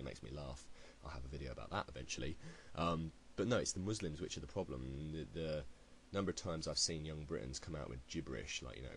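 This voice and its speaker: A British man, a video blogger, rants to camera with heated, blunt opinions and swears freely. His voice is extremely low, and the recording is rough with slight background noise.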